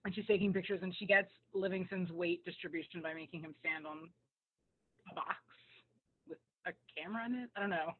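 Woman, casual recap chat, animated, laughs a lot, tinny phone-like sound. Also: on the low side, brisk, husky. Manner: animated, laughs often, acts out quotes. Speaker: podcast co-host. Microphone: remote call.

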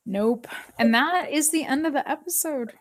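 A woman's voice: high voice, moderate pace. A woman co-hosting a casual podcast, chatting with lots of fillers, recapping a TV episode and reading an article aloud. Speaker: podcast co-host.

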